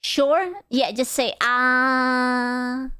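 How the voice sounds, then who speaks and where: A woman's voice: on the high side, unhurried, smooth, no echo, studio quality. A young woman streamer chatting casually with her chat, rambling, teasing and swearing freely.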